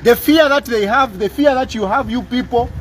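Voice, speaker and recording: His voice is very high-pitched and runs at normal speed, with slight background noise. He is a middle-aged public lawyer with a Zambian accent appealing fervently to camera, emphatic and prone to repeating lines and adding "eh?" for agreement.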